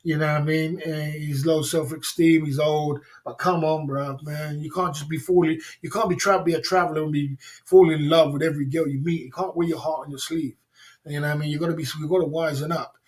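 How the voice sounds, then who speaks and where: A man's voice: a little high, steady tone, brisk. A man hosting a livestream, telling a long rambling story in casual chat, repeating himself and calling the viewers bro and guys. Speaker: livestream host.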